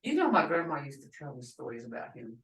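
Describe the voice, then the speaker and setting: An older woman teaching a language class, speaking slowly and patiently and repeating words for her learners. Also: rumbling low, sing-song, fairly bright tone. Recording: roomy and distant from the mic.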